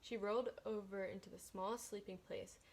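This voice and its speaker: A woman reading a picture book aloud in a gentle, steady way, then talking about the story. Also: mid-range voice, fairly quick. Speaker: storybook reader.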